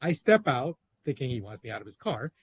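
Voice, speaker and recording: A man telling stories as a guest in a casual interview, animated and emphatic. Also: mid-range voice, fairly quick, creaky, slightly rough, no echo. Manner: animated, acts out dialogue, emphatic. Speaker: guest, founder of a learning center.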